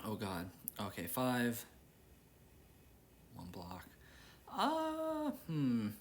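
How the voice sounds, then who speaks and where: A man's voice: mid-range voice, normal speed, slight background noise. A young man hosting a game channel, rambling and exasperated as he vents about work while playing. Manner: rambling, exasperated, repeats himself. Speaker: gaming channel host. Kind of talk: casual gameplay commentary with venting.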